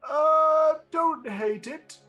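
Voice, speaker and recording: A man's voice: very high-pitched, drawn-out words, bright, forceful tone, soft background music, voice pushed up, exaggerated voice. A man voicing a lonely, friendly male stone guardian in improvised tabletop role-play, eager and chatty.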